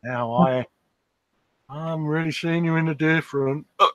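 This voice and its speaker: A man's voice: a little high, fairly even intonation, unhurried, background noise. A man joining a live model-making stream as a guest, teasing the host in dry, matey banter. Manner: teasing, dry, calls people mate, laughs often. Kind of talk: casual late-night banter.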